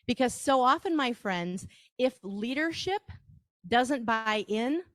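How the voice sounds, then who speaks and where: A woman's voice: fairly high pitch, no echo, studio quality. A woman with a Wisconsin accent giving a live workshop presentation, chatty, with asides and rhetorical questions to the audience.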